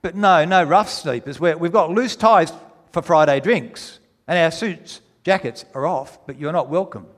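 A man preaching a sermon, telling a story with animated, rising delivery that climbs to near-shouting at its peak. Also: fairly high pitch, normal speed, in a large hall.

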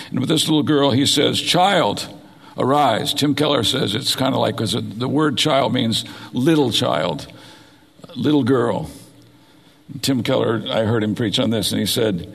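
Guy preaching a sermon, kinda gravelly and husky, reads scripture and explains it, long echo from a hall. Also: mid-range voice, a bit bright. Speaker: pastor.

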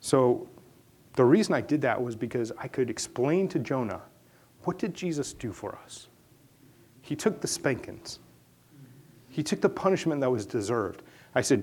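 A middle-aged man, a pastor, preaching an earnest sermon that rises to loud, high-pitched emphasis at its peaks. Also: expressive, moderate pace, long pauses, breathy edge.

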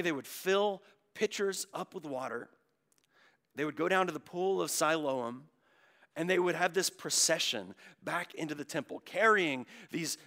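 A man preaching a sermon, moving from quiet storytelling to loud, drawn-out emphasis. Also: sits high, gravelly. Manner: swings from hushed to loud, stretching key words. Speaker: pastor.

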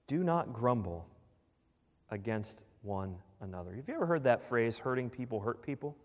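A male pastor preaching a sermon in a church, animated and full of rhetorical questions to the congregation. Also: medium pitch, moderate pace. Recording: long reverb of a large hall.

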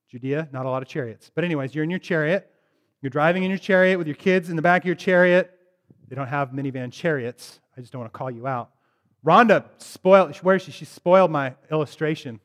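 Man preaching in a reverberant church. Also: on the high side. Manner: conversational, jokey, addresses congregation directly. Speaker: pastor. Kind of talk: sermon. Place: church sanctuary. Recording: long hall reverb.

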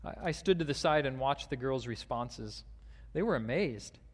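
Male pastor, mid pitch, sermon delivery, long reverb of a big room. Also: expressive, normal speed. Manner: reads a long quoted passage aloud, with fillers and restarts.

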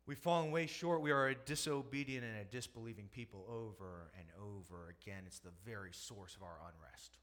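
A middle-aged man, a pastor, preaching a sermon, moving from hushed storytelling to loud, impassioned preaching. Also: fairly low pitch, a little fast, hardly any pauses.

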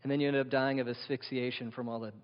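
A man's voice: medium pitch, level tone, fast talker. A man preaching a sermon as pastor, vivid and emphatic, asking the congregation rhetorical questions. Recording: dull sound with long hall reverb.

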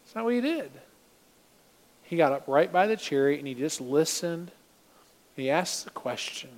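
A man preaching a sermon as pastor, animated and acting out little scenes in different voices. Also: on the high side, normal speed.

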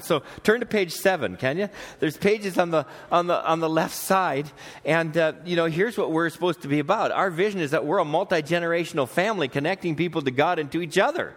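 A middle-aged man preaching to his congregation with a slightly high-pitched voice. He talks in an easy, conversational way, reads scripture aloud and stops to ask the room questions. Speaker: pastor. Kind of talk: sermon. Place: church sanctuary.

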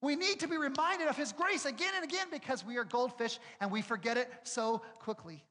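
A man's voice: very high voice, fairly quick, sharp tone. A male pastor preaching a sermon in a conversational, storytelling way with self-deprecating humor. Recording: long reverb with faint music behind.

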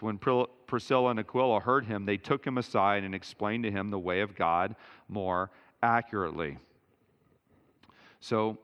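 A man preaching a sermon as pastor, emphatic and building to near-shouts as he drives his points home. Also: on the low side, big-room sound.

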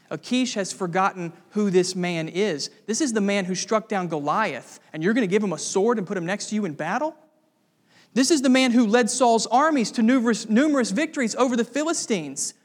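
A man's voice: sits high, expressive, normal speed, long reverb tail. A man preaching an expository sermon, emphatic and posing rhetorical questions to the congregation.

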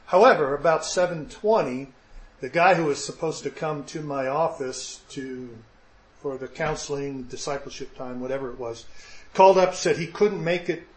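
A man's voice: fairly high pitch, moderate pace, reverberant, poor audio. A man preaching a sermon, telling a personal story in a conversational way with self-deprecating humor and frequent restarts. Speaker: pastor.

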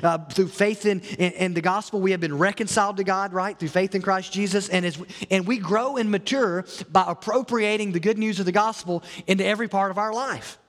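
A man's voice: sits high, a little fast, few pauses, fairly bright tone, long reverb tail. A man preaching a sermon as a pastor, earnest and often repeating or restarting his words.

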